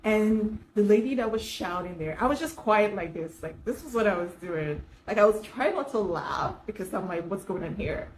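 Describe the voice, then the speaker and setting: A woman self-care coach chatting straight to her viewers, telling a story with animated asides and frequent laughs. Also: medium pitch, moderate pace, hardly any pauses, slight background noise, poor audio. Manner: animated, laughs often while telling stories. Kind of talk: casual storytelling vlog.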